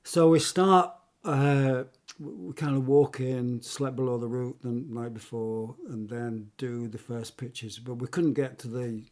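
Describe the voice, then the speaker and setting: A man's voice: medium pitch, fairly even intonation, measured pace, a little mellow. An older man, a retired military mountain rescuer, telling rambling anecdotes in a casual interview, with restarts and bursts of laughter. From England.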